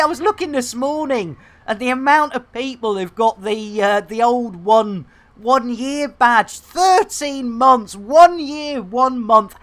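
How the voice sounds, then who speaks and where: Chatty woman in her fifties, unhurried. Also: on the high side. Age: 50s. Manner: chatty, self-mocking, laughs often, mild swearing. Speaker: game streamer. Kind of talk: casual live-stream chat.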